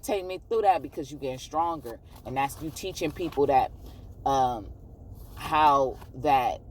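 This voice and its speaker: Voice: mid-range voice, far from the mic, a little hiss or hum. A tarot card reader giving a casual, encouraging pick-a-card reading to viewers, often checking in with "okay?".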